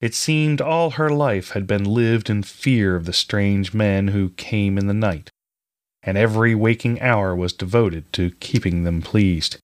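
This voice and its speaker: Low-voiced man narrating a fantasy tale. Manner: measured storytelling, reading all parts himself. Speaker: audiobook narrator.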